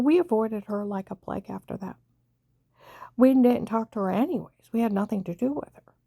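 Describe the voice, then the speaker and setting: Rambling woman with a dark, mellow voice. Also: fairly high pitch, creaky, no room sound. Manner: rambling, repeats "I said" while retelling conversations. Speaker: vlogger telling a personal story. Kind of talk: rambling personal monologue.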